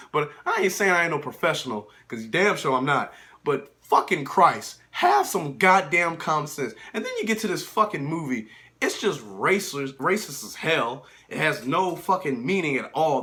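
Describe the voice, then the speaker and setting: A man's voice: fairly high pitch, sharp tone. A young man reviewing films in a casual, profane, exasperated rant. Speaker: film reviewer.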